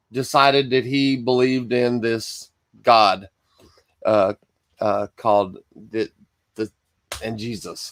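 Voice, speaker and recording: Man, live-stream Bible study host, casual and rambling, mid-pitched voice, dry close sound. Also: dry recording. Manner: chatty, greets viewers by name, rambling asides. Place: Michigan.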